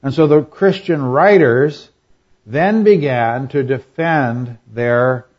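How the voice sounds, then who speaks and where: A man lectures on scripture in a measured, halting way, often pausing and asking "all right?" as he goes. His voice sits at an ordinary middle pitch. The recording is somewhat dull and lo-fi. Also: slightly rough. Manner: halting, with frequent fillers and checks like "all right?". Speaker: Bible teacher.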